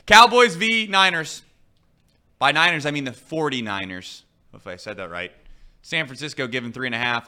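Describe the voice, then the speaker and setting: A male sports talk host with a strikingly bright, forward voice. He talks in loose, animated casual chat and often stumbles and restarts his phrases. His pitch sits right in the middle for a man.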